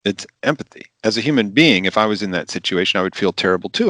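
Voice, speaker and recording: A man, a physician, giving practical advice in an animated, emphatic podcast interview, repeating his key phrases. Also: on the low side, fast, few pauses, no room sound.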